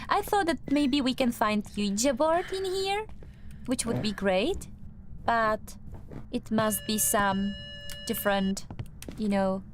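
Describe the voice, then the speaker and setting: Soft-spoken woman with a non-native English accent. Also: fairly high pitch, slight background noise. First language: not English. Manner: hesitant, many fillers and restarts. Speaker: streamer. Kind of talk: casual gameplay commentary.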